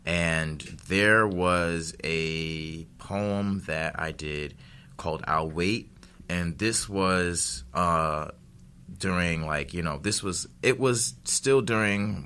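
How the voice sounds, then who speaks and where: A young man from the States speaks as a radio guest with a bright, forceful tone. His talk is loose and rambling, full of "um" and "you know" as he feels his way through each thought. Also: deep voice, takes it slowly, slight background noise. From United States. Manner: easygoing, rambling, with many fillers. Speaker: guest poet. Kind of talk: casual radio interview. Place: radio studio.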